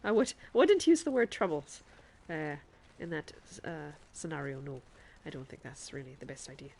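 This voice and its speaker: A woman's voice: low-pitched, sing-song, normal speed, creaky, a little mellow, a little hiss or hum. A woman streamer chatting to her viewers in a put-on Irish accent while she plays a game, often laughing as she talks. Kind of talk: live gameplay commentary.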